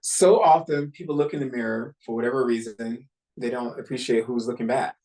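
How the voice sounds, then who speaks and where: Man, podcast host, motivational self-help talk, earnest and encouraging, medium pitch. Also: steady tone, brisk, mellow, low-quality recording. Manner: earnest, encouraging, with small restarts. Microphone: computer mic while screen sharing.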